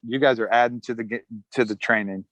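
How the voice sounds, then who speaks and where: Talking fast in a mid-range voice, a middle-aged Army veteran gives a casual interview about his life. He's easygoing, chuckles, and acts out what others said, in a rough recording with no echo.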